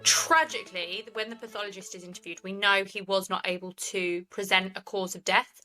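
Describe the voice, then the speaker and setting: A woman's voice: medium pitch, brisk, pushed and bright, soft background music, rough recording. A woman, co-hosting a podcast and retelling a case in earnest, opinionated chat. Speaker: true crime podcast co-host.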